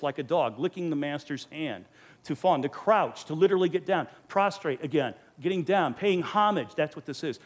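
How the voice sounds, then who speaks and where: An earnest man teaching a sermon to his congregation. His voice sits a little high and swings widely in pitch. He pushes his points home and fires off rhetorical questions. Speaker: pastor teaching a Bible study. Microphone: microphone.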